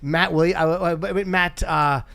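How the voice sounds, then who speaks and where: Podcast host, a man with a raised, gravelly voice, rambling and self-mocking. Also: on the high side, steady tone, measured pace, a bit bright. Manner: rambling, self-deprecating, laughs often. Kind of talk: casual chat, storytelling.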